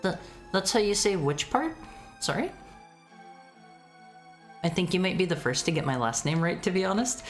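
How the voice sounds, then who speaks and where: A woman's voice: fairly low pitch, big pitch swings, moderate pace, pauses often. A woman streaming a retro game and chatting casually with viewers, often stammering and repeating her words. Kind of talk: casual chat while playing a retro game. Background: faint game music.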